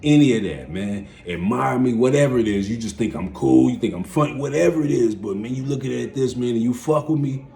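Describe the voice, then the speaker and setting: A man in his forties telling his life story in a casual, rambling way, heavy on street slang, dropping to mumbles and then jumping up loud and excited. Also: mid-range voice, brisk, gravelly, few pauses. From United States.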